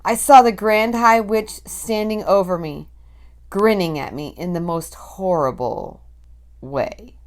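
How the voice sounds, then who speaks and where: Female reader, unhurried, dramatic children's story narration. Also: mid-range voice. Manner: slow, dramatic, breathless storytelling. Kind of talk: storybook reading aloud.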